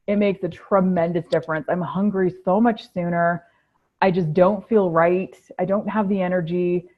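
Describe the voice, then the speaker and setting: A woman guest in a casual interview telling stories animatedly and acting out her own past reactions. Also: lowish voice. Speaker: program participant, interview guest. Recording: tinny phone-like line.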